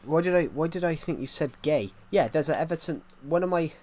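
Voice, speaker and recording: A man's voice: a little high, animated, fairly quick, darkish tone. A man casually chatting while streaming a game, rambling and reacting to viewers' comments. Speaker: gaming streamer.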